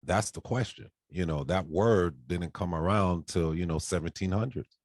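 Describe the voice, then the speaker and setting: Deep-voiced man reading aloud, dry sound. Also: moderate pace, darkish tone, dry recording. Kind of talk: reading a treaty aloud in discussion.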